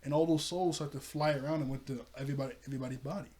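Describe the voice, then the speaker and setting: A man's voice: medium pitch, fairly even intonation, racing, a little mellow. A young man casually recapping and reviewing a cartoon episode, chatty, laughing often and acting out quoted lines.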